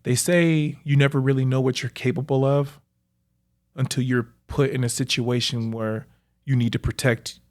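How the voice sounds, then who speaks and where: A young man, a professional athlete, reflectively recounting his own life story in a halting way, with frequent fillers. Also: mid-range voice. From United States. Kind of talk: personal storytelling.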